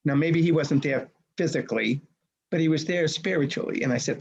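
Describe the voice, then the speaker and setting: A man in his sixties, a race director, telling a personal story in a punchy, animated way, acting out the dialogue. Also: fairly high pitch, brisk, dull audio, a little hiss or hum. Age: 60s.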